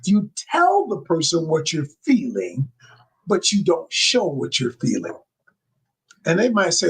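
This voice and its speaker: Emphatic coach with a husky, lively voice. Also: male voice, high-pitched, normal speed. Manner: emphatic, repetitive, preacher-like delivery addressing viewers as y'all. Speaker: communication coach. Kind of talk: live-stream teaching talk. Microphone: live-stream microphone.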